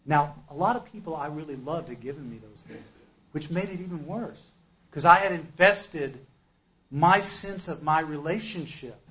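Emphatic man telling his story, lo-fi. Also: on the high side. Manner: emphatic storyteller, swinging between loud and hushed. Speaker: speaker at a recovery meeting. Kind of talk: personal testimony.

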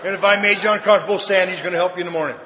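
An older man giving a personal testimony at a recovery convention, telling his story with shouted punchlines and sudden quiet drops. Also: high voice, fairly even intonation, racing, heavy background noise. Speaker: recovery meeting speaker. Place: large convention hall. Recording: reverberant hall recording with faint ambience.

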